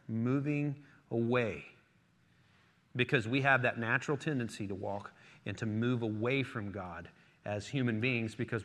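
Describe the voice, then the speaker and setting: A man's voice: medium pitch, bright, forceful tone. A man preaching a sermon as pastor, reading scripture aloud and calling out to the congregation. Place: church hall. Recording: long hall reverb.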